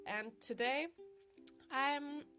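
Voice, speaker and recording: A young woman with a sick voice, chatting casually and laughing at herself as she narrates her drawing process. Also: sits high. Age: young adult. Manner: chatty, self-deprecating, laughs often. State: sick, congested voice. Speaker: art vlogger. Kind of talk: casual voice-over while drawing. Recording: faint guitar music behind. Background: soft guitar music.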